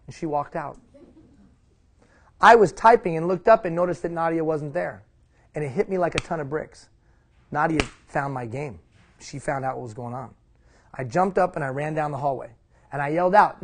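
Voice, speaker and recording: A middle-aged man giving a live leadership seminar, emphatic, repeating key phrases and putting questions to the audience. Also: a little high. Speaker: leadership trainer.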